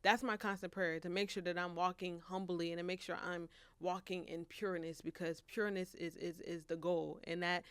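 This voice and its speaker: A woman's voice: fairly low pitch, flat delivery, moderate pace, few pauses, fairly bright tone, clear, resonant tone, no echo. A woman of twenty-one, a college senior and author, speaking earnestly and reflectively in a casual interview. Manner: earnest, reflective, with frequent restarts and laughs. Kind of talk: casual faith-centered interview.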